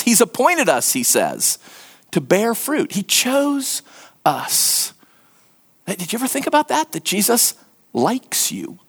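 A man preaching a sermon in an earnest, emphatic way, sometimes dropping to a hushed voice and repeating words for stress. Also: high voice, breathy edge. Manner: repeats words and restarts when stressing a point. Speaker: pastor.

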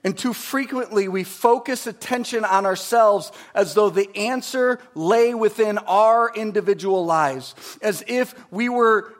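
A man with a notably high voice for a man, preaching a sermon. He shifts from steady teaching to fervent, emphatic preaching and often poses rhetorical questions to the congregation. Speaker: pastor.

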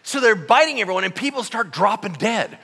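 A man preaching a sermon, telling a story in an animated, comic way with voices for the people in it. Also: high voice, brisk, vocal fry, slightly rough, long reverb tail. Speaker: pastor.

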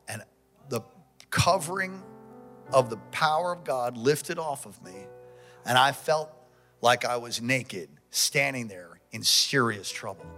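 In a fervent call-and-response sermon, a pastor alternates between shouting and quiet storytelling. His voice sits a little high.

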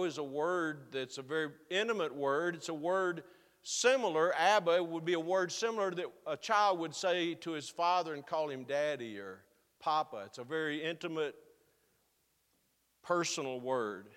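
Male pastor, fairly high voice, earnest sermon, slows for emphasis, church hall reverb. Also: a bit bright, clean tone. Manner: earnest, building to slow emphatic stresses.

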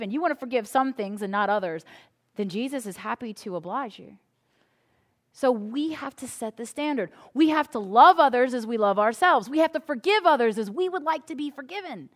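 High-voiced animated woman preaching. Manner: animated, conversational preaching with acted-out prayers. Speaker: pastor. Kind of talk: sermon. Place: church before a congregation.

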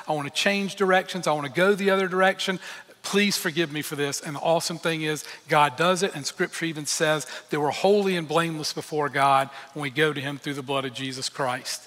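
Bright-voiced male pastor preaching in a reverberant hall. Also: a little high. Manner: earnest, emphatic preaching with candid personal asides. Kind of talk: sermon.

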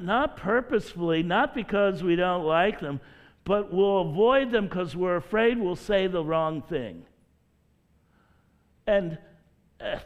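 A man preaching a sermon as a pastor, earnest and deliberate, with drawn-out pauses, speaking to his listeners as brothers and sisters. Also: high-pitched.

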